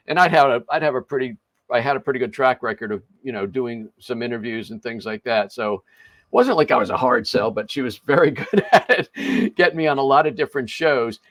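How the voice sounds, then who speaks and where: A man's voice: mid-range voice, no room sound. An older man hosting a podcast interview, telling a story casually with chuckles and restarts. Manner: chatty, chuckling, self-interrupting. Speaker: podcast host.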